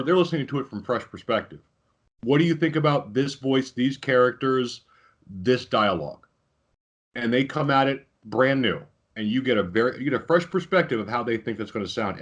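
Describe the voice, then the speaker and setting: Lively husky-voiced male host. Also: mid-range voice. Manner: enthusiastic, agreeable, animated. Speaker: podcast host. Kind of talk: casual interview chat.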